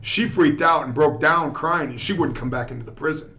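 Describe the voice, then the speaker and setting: A man, a guest actor, telling a story in a relaxed, rambling way on a podcast. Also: on the high side, a little fast. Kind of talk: casual storytelling chat.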